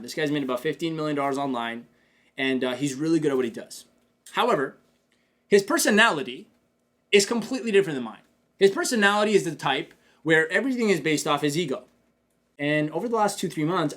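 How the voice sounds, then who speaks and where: A man hosts a casual business podcast at a quick clip, his voice sitting a little high for a man. He is energetic and speaks straight to his listeners. He slips into short acted-out snippets of his own thoughts. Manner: energetic, talks to listeners directly with frequent "man" and "check this out"; acts out his own inner dialogue in quoted asides. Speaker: podcast host and business coach.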